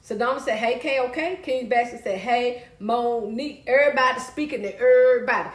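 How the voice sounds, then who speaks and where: A woman hosting a casual live stream, chatty and loud, calling out to viewers and reading their comments. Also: fairly high pitch, fairly quick, roomy sound.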